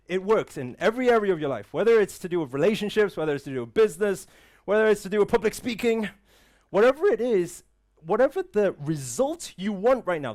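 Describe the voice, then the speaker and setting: This speaker's voice sits a little high with a darkish tone as he gives a live motivational talk in an event room. Rhetorical questions and a recurring "right?" run through it.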